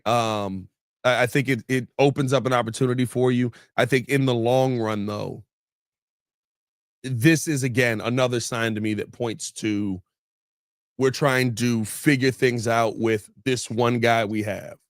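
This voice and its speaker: A man's voice: medium pitch, steady tone, unhurried, dry recording, studio quality. A man hosting a casual sports talk show, blunt and opinionated with a joking edge. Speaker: sports podcast host.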